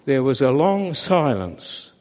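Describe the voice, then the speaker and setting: A man reading a children's story aloud in an expressive storybook voice. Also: mid-range voice, takes it slowly. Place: church. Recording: reverberant church hall.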